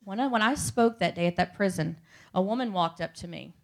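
A woman sharing her testimony before a congregation, speaking in a conversational storytelling way. She talks directly to the people in the pews at an everyday middle pitch. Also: a little fast, gravelly. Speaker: church speaker giving testimony.

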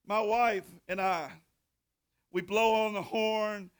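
A middle-aged man, a pastor preaching a sermon in a folksy storytelling way, drawing out scripture readings slowly and bursting into loud hollers. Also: high voice, fairly even intonation, smooth. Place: church sanctuary.

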